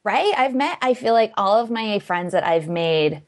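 A woman's voice: medium pitch, animated, moderate pace. A young adult woman with a North American accent, a writer chatting as a podcast guest in a bubbly, chatty manner. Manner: chatty, bubbly, frequent "like" fillers. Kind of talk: casual chat.

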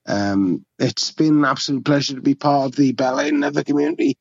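A man's voice: medium pitch, fairly quick, gravelly, no echo, muffled recording. A man leaving a cheeky, offhand New Year's voicemail greeting. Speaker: voicemail caller.

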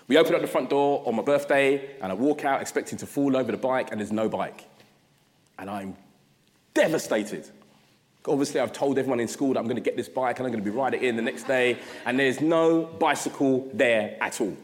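Man in his 40s, lively funny storyteller, mid-pitched, reverberant hall. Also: fairly quick. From South London. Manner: animated, humorous, conversational. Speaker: guest speaker. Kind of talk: storytelling address.

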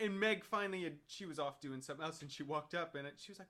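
Bright-voiced American man, animated. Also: on the high side, fast. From United States. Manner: animated storyteller, laughs often. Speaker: podcast co-host. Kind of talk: casual chat.

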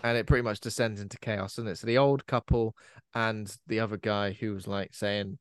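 A man's voice: fairly low pitch, steady tone, a little fast, clear, resonant tone, no echo. Chatty man, dry close sound. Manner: chatty, trails off with fillers and laughs. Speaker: podcast co-host. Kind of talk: casual film discussion.

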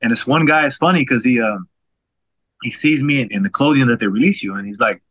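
A man in his forties, guest on an interview show, telling a personal story in an animated way, stammering and restarting and acting out other people's lines. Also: medium pitch, a little fast, no room sound, rough recording. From Washington State, USA. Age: 40s.

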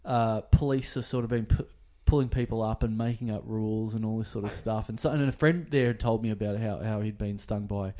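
A man's voice: lowish voice, fairly even intonation, fairly quick, hardly any pauses, dark tone. A man, co-hosting a podcast and telling a rambling anecdote in casual chat, acting out bits of dialogue. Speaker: podcast co-host.

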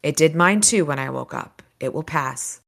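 A tough, wry male wizard who answers threats with dry, cutting retorts, as a woman reading aloud plays him. Her low voice stays level and sure. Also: animated, normal speed, vocal fry, a bit bright, full character voice. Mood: defiant.

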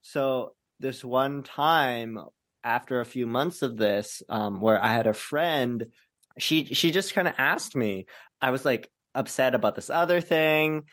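A man's voice: medium pitch, a bit bright, no echo. A young man recounts a personal story in a casual podcast chat, stopping and restarting often and leaning on "like" at every turn. His voice sounds close and dry, with no room in it. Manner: halting, filler-heavy, frequent "like" and restarts. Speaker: podcast co-host.

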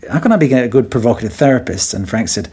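A man talking in a relaxed interview, telling stories and teasing as he acts out quotes. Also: medium pitch, fast talker, husky. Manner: playful, teasing storyteller who acts out quotes. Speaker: guest. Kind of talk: conversational podcast interview.

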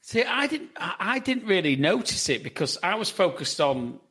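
A man's voice: high voice, big pitch swings, normal speed, bright, forceful tone, breathy edge. A man on a football podcast panel, rambling with many restarts and question tags. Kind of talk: casual football podcast chat.

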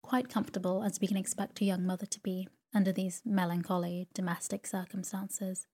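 A woman voicing a meek, mild-mannered male country doctor who speaks softly and deferentially. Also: medium pitch, flat delivery, a little fast, close to an everyday voice. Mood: meek, soothing. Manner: soft, gentle and deferential.

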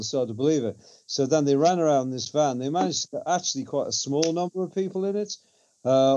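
A man's voice: mid-range voice, a little mellow, dull audio. A man in casual conversation, talking in a wry, mocking way.

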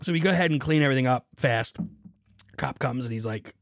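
A man hosting a casual show, telling a story in an animated way with lots of swearing, then talking about beer hops. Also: medium pitch, fast talker, no echo, studio quality. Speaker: podcast host.

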